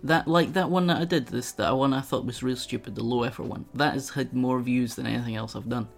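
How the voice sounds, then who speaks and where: A Scottish man talks casually as a podcast guest, drifting from one tangent to the next. His voice sits at an ordinary pitch with a rough, gravelly edge. Faint music plays underneath. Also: a little fast. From Scotland. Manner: rambling, goes off on tangents. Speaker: guest streamer.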